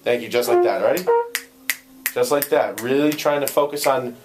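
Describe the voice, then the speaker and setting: A man's voice: medium pitch, normal speed, music in the background. Man coaching a trumpet section. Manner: sings articulations to demonstrate, counts players in. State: voice going hoarse. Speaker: ensemble conductor. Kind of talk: rehearsal instruction. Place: band rehearsal room. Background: trumpets playing.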